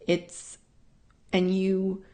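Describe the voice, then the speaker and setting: A woman's voice: medium pitch, completely flat delivery, extremely slow, dark tone. A woman hosting a casual live talk, answering viewers in a rambling, earnest way that keeps circling back and repeating itself. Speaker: host answering viewer questions.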